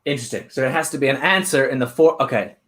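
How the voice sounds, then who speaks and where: A man doing improvised comedy, objecting in a confused, halting way. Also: medium pitch, a bit bright. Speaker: improv performer. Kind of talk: improvised comedy over video call.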